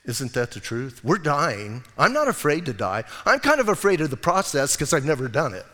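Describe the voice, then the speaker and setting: Lively male pastor preaching in a reverberant hall. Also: a little high, moderate pace. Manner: animated, conversational preaching with acted-out dialogue. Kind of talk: sermon.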